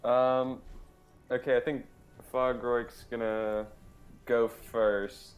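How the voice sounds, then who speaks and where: Male player, low voice, very slow, hesitant delivery, faint music behind. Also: level tone. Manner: hesitant, lots of ums. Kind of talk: casual tabletop play.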